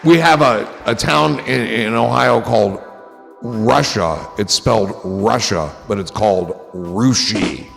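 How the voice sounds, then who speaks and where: A man's voice: lowish voice, measured pace, creaky, hardly any pauses, a bit bright, long reverb tail, faint music behind. A man hosting a casual livestream, rambling in a goofy, profane way to his chat. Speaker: livestream host.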